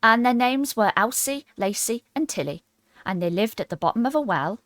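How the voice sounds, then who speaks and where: A woman voicing a sleepy, sulky male dormouse with a hoarse, feeble voice in a storybook reading. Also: a little high, expressive, a bit bright, no room sound, voice pushed up. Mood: drowsy. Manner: slow, drowsy, indignant. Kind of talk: storybook character voice.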